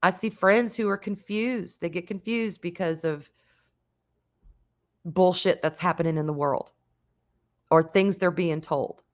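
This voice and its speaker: A woman hosting a casual livestream, talking frankly with some swearing and greeting chat viewers with loud excitement. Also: fairly low pitch, a little slow, pauses often. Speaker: livestream host chatting with viewers. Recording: dull lo-fi stream audio.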